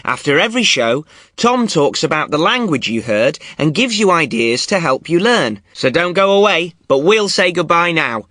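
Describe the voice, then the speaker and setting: Bright, clear male podcast host. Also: fairly high pitch, big pitch swings, no room sound, studio quality. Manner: clear, measured presenting. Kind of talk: scripted podcast presenting.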